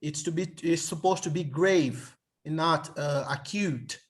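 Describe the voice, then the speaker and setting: Slow, halting man tutoring Greek. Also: fairly high pitch. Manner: hesitant, halting, many restarts. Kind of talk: online tutoring session. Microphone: video call.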